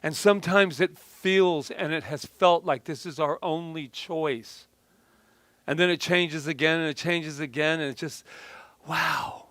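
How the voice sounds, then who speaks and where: A middle-aged male minister gives a relaxed sermon, telling stories about himself with a self-mocking humor. His voice sits a little high for a man and sounds dry and close, with almost no room around it. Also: measured pace, no room sound. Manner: chatty, self-deprecating storytelling with frequent restarts. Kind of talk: conversational sermon.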